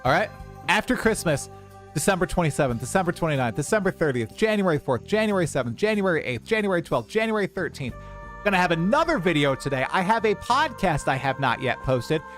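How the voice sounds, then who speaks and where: Animated young man streaming. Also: on the high side, brisk, faint music behind. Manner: animated, rambling, talks to chat. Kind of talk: casual livestream chat.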